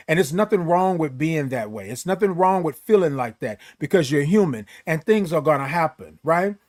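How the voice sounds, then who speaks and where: A man hosting a casual morning live stream, greeting viewers by name with long, drawn-out, sing-song good mornings and talking in a relaxed, encouraging way. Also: fairly high pitch. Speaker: host.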